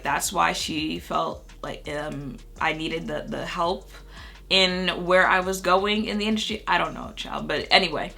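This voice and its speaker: A woman's voice: fairly low pitch, vocal fry, pushed and bright. A young woman telling a storytime on her beauty vlog, chatty and full of fillers. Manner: chatty, heavy on fillers like "you know" and "like". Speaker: beauty YouTuber.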